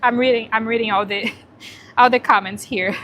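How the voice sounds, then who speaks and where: A woman's voice: a little high, steady tone, normal speed, a bit bright, slight background noise. Teary, chatty woman livestreaming. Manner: chatty and emotional, thanking viewers, cooing to a dog. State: teary, crying. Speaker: livestream host promoting dog rescue. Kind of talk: casual livestream chat.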